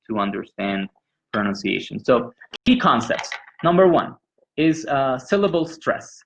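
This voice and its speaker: A man's voice: mid-range voice, slight background noise, rough recording. A man leading a pronunciation workshop for teachers, explaining patiently with frequent fillers. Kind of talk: teaching conversation.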